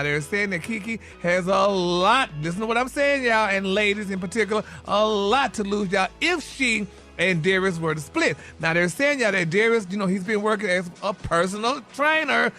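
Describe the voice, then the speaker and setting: A man with a notably high voice runs a morning radio gossip segment. He is sassy and dramatic, leaning on "honey" and "y'all" as he tells it. Faint music sits beneath his voice. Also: pushed and bright. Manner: sassy, peppers every phrase with "honey" and "y'all"; dramatic, exclaiming. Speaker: radio show gossip co-host.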